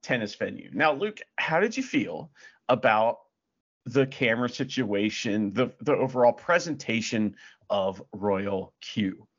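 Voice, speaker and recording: Guy cohosting a wrestling-ish podcast, husky voice, jokey and swears a lot, pitch jumps around, dull lo-fi audio. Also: animated, a little slow, fairly bright tone. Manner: joking, profane, reads facts aloud with asides. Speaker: podcast co-host. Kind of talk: casual chat.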